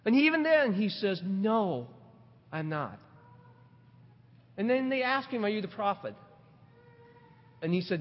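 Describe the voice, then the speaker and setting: A middle-aged man preaching a sermon, animated, asking rhetorical questions and repeating words as he builds his points. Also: very high voice. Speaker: pastor. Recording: dull recording with long hall reverb.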